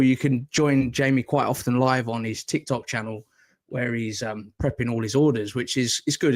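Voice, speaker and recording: A man with a Northern English accent hosts a casual podcast chat. He rambles, swears freely and laughs at his own fumbles. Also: medium pitch. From Northern England. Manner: rambling, sweary, self-deprecating. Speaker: podcast host.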